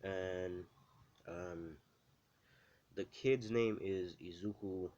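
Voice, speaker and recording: A man's voice: sits low, extremely slow, dark tone, muffled recording. A man casually telling a made-up story, rambling with lots of fillers and restarts.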